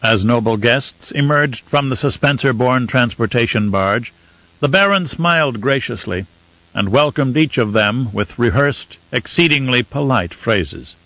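A man reading an audiobook as narrator, in a measured, even manner. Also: medium pitch, no room sound, dull audio. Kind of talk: scripted narration.

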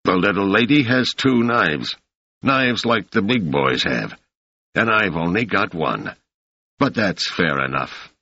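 A man's voice: low-pitched, expressive, slow pace, bright, forceful tone, slightly rough, heavily acted. A man reading an audiobook voices a swaggering male street thug who taunts and mocks his victims. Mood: mocking. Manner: taunting, sneering. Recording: dry, slightly muffled lo-fi audio.

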